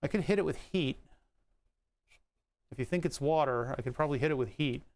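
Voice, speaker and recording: Male streamer, profane and rambling, smooth clear voice a bit on the high side. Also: fairly quick. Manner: profane, rambling, self-amused. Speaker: streamer repairing a keyboard. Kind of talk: casual livestream chat while working. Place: home room with air conditioning running.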